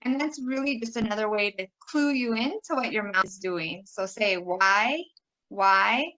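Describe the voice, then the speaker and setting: A woman teaching pronunciation, modelling vowel sounds and words with slow, exaggerated care. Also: on the high side, a bit bright, highs cut off. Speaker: pronunciation instructor. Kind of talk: recorded teaching video.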